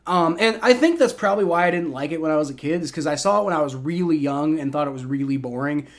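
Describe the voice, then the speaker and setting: Man in his twenties, livestream host, live play-by-play, rambling, restarts, slightly higher voice. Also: quick pace. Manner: rambling, repeats words, many fillers. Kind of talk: live play-by-play and chat reaction.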